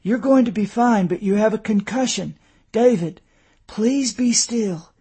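A man's voice: high voice, a little slow, mellow, breathy edge, pitched above the performer's own voice, heavily acted. A man voicing a worried, loving wife who pleads and comforts in a raised, tender tone. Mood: pleading.

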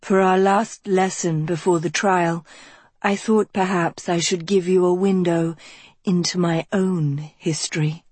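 A woman's voice: lowish voice, steady tone, a little slow, a little mellow, breathy edge, no echo. Woman voicing a stately, imperious dean. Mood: grand. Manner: stately, resounding. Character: imperious female school dean, grand and cold. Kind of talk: audiobook character voice.

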